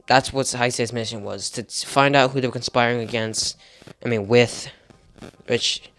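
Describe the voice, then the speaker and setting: A man's voice: mid-range voice, steady tone, moderate pace, fairly bright tone. A young man improvising a fan story video, rambling with restarts and laughing at himself.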